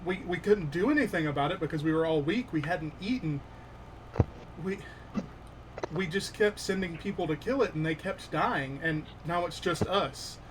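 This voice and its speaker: A man voicing a wounded, fearful male goblin survivor who speaks in broken, halting phrases. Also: a little high, background noise, natural voice. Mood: grieving.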